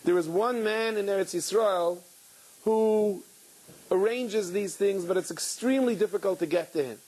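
A man giving an animated storytelling talk to a live audience as a guest speaker, with dramatic pauses. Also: high voice, low-quality recording. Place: event hall with an audience.

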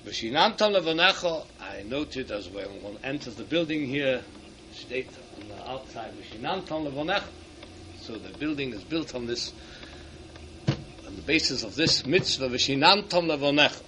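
A man giving a Torah lecture to teachers. He reads Hebrew sources in quick bursts and then explains each one in English. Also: medium pitch, expressive, background noise. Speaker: rabbi speaking to teachers. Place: hall at an event.

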